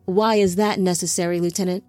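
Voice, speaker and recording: A woman's voice: lowish voice, steady tone, fairly quick, warm tone, no echo, faint music behind, close to an everyday voice. A woman voicing a stern, curt male angelic captain who gives orders.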